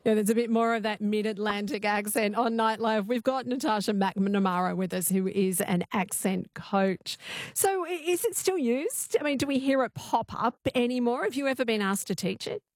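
A woman's voice: on the high side, moderate pace, dry recording. A woman hosting a radio talk show, chatty as she reads listener messages and asks questions. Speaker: radio host. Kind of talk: radio interview. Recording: dry studio sound.

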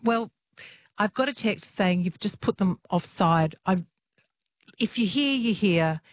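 A woman hosting a late-night radio talk show, friendly and quick with her questions to callers. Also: mid-range voice, animated, no room sound. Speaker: radio host. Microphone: studio microphone.

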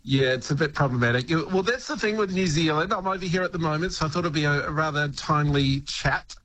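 A man's voice: on the high side, fast talker, a bit bright, a little hiss or hum. A man talking casually as a radio guest about slang, chatty and laughing often, with many restarts. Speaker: radio guest, language commentator.

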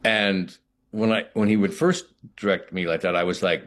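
In a reflective interview, an actor guest speaks in a low, husky voice with a musing quality. His delivery is halting and thoughtful, full of restarts and repeated "you know"s.

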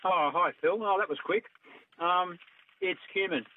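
A man calling a radio quiz, cheerful and quick, laughing and fumbling for a name. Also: high voice. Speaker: caller. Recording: dull phone line with faint hiss.

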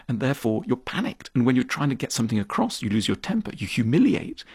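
A man speaking as the author in an interview, working through his ideas in a thoughtful way and acting out small scenes as he goes. His voice is husky, and his pitch swings widely. The sound is dry and close. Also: brisk, no echo. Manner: animated, acts out quoted voices with big pitch jumps; thoughtful, explanatory, repeats words when starting a point. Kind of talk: conversational interview.

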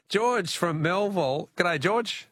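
Chatty Australian radio quiz host. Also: male voice, sits high, expressive, takes it slowly, fairly bright tone, husky, dry recording, studio quality. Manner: chatty, jokey, chuckles at himself. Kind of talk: casual radio talkback.

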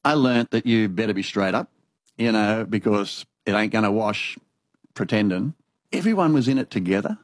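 A man's voice: fairly low pitch, moderate pace, no room sound. Australian older man telling stories. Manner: animated anecdotal storyteller, acts out dialogue. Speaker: interviewee. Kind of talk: storytelling conversation.

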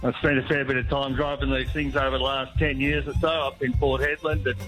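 A man's voice: medium pitch, level tone, fairly quick, a bit bright, poor audio. An older Australian man calls in to a radio show. He is laid-back and easygoing, and he tags mate onto nearly every line. Faint music plays behind him. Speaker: caller.

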